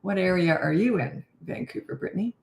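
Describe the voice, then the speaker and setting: A woman's voice: fairly low pitch, a little fast, gravelly, a little mellow. Older woman chatting on a livestream, roomy sound. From Canada. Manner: chatty, reads out viewer comments and greets them. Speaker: parenting coach hosting a livestream. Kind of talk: casual livestream chat.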